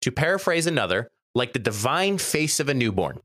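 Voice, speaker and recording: A man's voice: mid-range voice, a little fast, no room sound, studio quality. A young man co-hosting a casual podcast, reading list entries aloud and reacting with frequent laughs. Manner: animated, laughs often, reads quotes with mock gravity. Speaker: podcast co-host.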